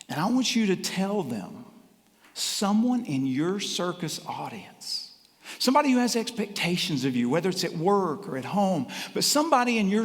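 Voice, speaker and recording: A man with a North Carolina accent giving a motivational keynote talk, animated and acting out the voices of his audience. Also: high-pitched. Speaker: keynote speaker. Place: conference hall before a live audience. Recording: reverberant hall.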